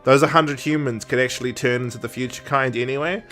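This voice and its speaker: A man's voice: medium pitch, a little fast, soft background music. A man co-hosting a podcast at home, chatting casually and acting out characters in silly voices. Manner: animated, exaggerated, acts out characters in silly voices. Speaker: podcast co-host. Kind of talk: casual chat recapping episodes.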